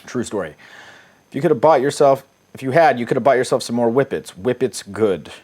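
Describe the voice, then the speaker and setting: A man's voice: mid-range voice, lively intonation, brisk, a little mellow. Crude, offhand man. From United States. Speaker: dating coach. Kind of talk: casual commentary on text exchanges.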